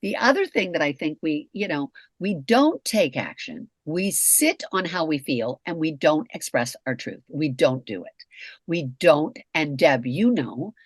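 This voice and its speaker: A woman's voice: deep voice, sing-song, unhurried, no room sound. A middle-aged woman co-hosting a talk show, speaking bluntly and candidly about relationships and swearing freely. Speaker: podcast co-host, communication expert. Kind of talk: candid casual conversation.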